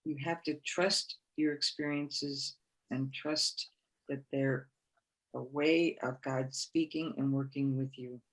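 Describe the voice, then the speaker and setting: A woman speaker giving a reflective spiritual talk, gentle and encouraging, often repeating phrases for emphasis. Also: rumbling low, steady tone, slow, poor audio. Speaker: conference speaker.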